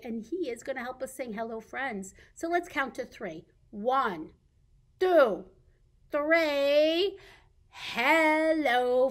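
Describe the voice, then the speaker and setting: A woman leading a recorded baby storytime at a library, talking in an animated sing-song way for babies and caregivers. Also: high voice. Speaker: children's librarian. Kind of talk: baby storytime with songs and reading.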